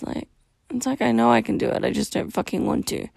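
A woman's voice: mid-range voice, expressive, fast, gravelly, hardly any pauses, darkish tone, no echo. A young woman hosting a solo podcast, talking candidly and rawly about her feelings, venting and swearing often. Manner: raw, venting, frequent swearing. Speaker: podcast host.

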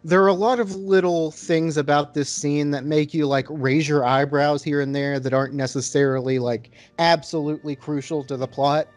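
A man's voice: a little high, fairly even intonation, normal speed, hardly any pauses. A man hosting a casual podcast chat, talking loosely with many filler words while reviewing a beer. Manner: laid-back, lots of filler words.

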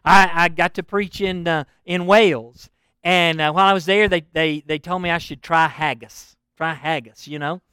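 Folksy preacher, high clear voice. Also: male voice, normal speed, no echo, clean studio sound. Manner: folksy, animated storytelling with laughs. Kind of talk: sermon.

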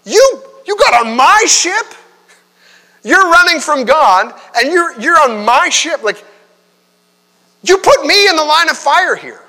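A man's voice: extremely high pitch, big pitch swings, slow pace, long pauses, pushed and bright, voice pushed up, heavily acted. A man acting out an indignant, panicked male ship captain in a sermon retelling. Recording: long hall reverb.

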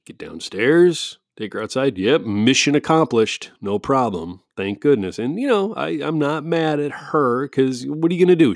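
A man's voice: medium pitch, no room sound, studio quality. A man from the United States in a casual rambling monologue at home, talking into a microphone with restarts, chuckles and mock-quoted asides. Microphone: studio-style microphone.

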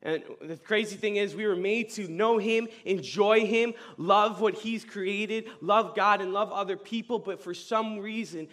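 A young man preaching a casual youth sermon, telling stories in slang with a voice that leaps up high and loud. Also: measured pace, few pauses. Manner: animated storyteller, casual slang, voice jumps high and loud in retold scenes. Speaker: youth pastor.

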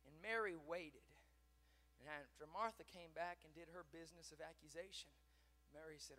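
A man preaching a sermon, swinging from hushed lines to shouted climaxes in dramatic preaching style. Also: on the high side, normal speed, long reverb tail.

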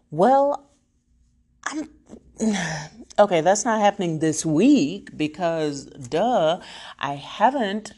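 A young adult woman talking in a casual, self-deprecating video diary, shifting from hushed asides to excited storytelling. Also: sits low. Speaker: vlogger. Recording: faint background noise.

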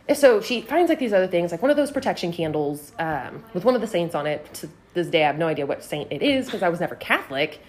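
A woman's voice: fairly low pitch, very animated, quick pace, hardly any pauses, a little mellow. A young woman from Texas telling a story in casual, profane chat and acting out the voices in quotes.

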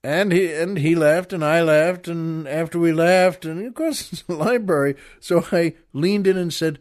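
A man's voice: fairly high pitch, takes it slowly, a little mellow. An older man hosting a podcast, telling a rambling, self-amused anecdote in a casual storytelling monologue and laughing along as he goes. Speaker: podcast host.

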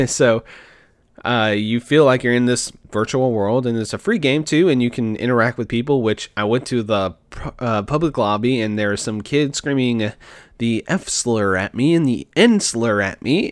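A man's voice: medium pitch, moderate pace, no room sound, clean studio sound. A man hosting a podcast in casual chat, talking enthusiastically in a rambling, slangy way.

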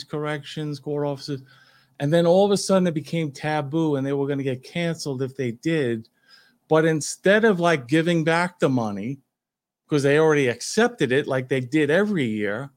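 With a high-ish, slightly mellow voice and a New York accent, this man, a retired cop, co-hosts a casual talk show. His delivery is opinionated and emphatic.

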